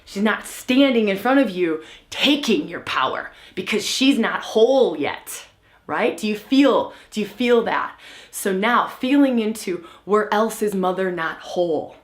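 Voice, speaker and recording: A woman's voice: medium pitch, expressive, unhurried, echoey room. A woman giving a spiritual teaching talk to a live audience, emphatic and often checking in with "right?". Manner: emphatic, asks "right?" often, acts out the voices she describes. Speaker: women's coach hosting a live session.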